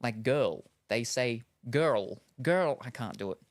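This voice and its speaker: A man talks his way through an unboxing in loose, casual chat. He rambles, drifts into asides and fills gaps with plenty of ums, at an ordinary middle pitch. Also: fairly even intonation, moderate pace. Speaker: streamer.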